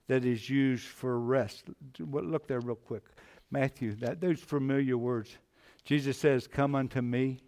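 Slow, emphatic male preacher. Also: steady tone. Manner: swings from hushed, low passages to loud, emphatic climbs. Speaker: pastor. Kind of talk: sermon.

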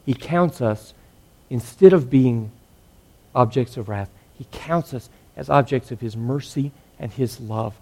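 A man preaching a sermon, earnest, swinging between loud emphatic lines and hushed ones. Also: mid-range voice, unhurried, vocal fry.

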